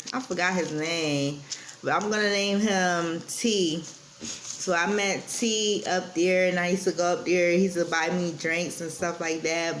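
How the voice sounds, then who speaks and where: A woman's voice: on the low side, a bit bright, a little hiss or hum. A young woman telling a rambling, casual storytime, full of fillers and restarts. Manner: rambling, lots of fillers and restarts, heated at times.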